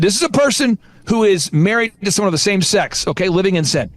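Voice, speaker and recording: A man's voice: high voice, very animated, fast, dry recording. A man hosting a podcast, exhorting listeners in an emphatic, repetitive, preaching style. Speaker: podcast host and business coach. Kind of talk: impassioned preaching-style talk.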